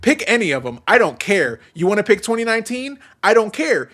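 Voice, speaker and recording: A man with a high voice chats on a wrestling podcast, his pitch swinging all over as he gets worked up. He swears freely and breaks into laughs, rattling off opinions in a loose, excitable way. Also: a little fast, few pauses. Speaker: podcast host. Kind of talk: casual wrestling podcast chat.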